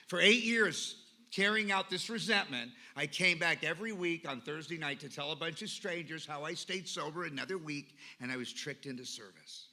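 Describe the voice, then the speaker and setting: A man's voice: on the high side, animated, fairly quick, sharp tone. A man giving a personal recovery talk at a meeting, telling stories emphatically with repeated lists. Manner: emphatic storytelling with lists and repetition.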